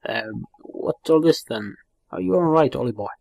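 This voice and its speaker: A man voicing a rough, bossy middle-aged man who talks in blunt slang. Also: on the high side, lively intonation, normal speed, darkish tone, no room sound. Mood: gruff.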